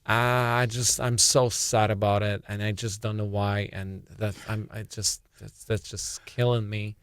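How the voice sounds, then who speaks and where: A man from Russia with a Russian accent, a native Russian speaker, calmly telling jokes in halting English on a podcast. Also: lowish voice, smooth, no room sound. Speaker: podcast co-host, comedian. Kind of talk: casual comedic chat.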